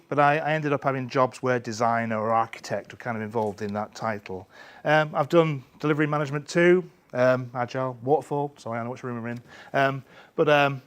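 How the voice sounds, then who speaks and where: A man with a Northern English accent giving a rambling, self-deprecating lightning talk full of fillers and restarts. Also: medium pitch. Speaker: conference speaker.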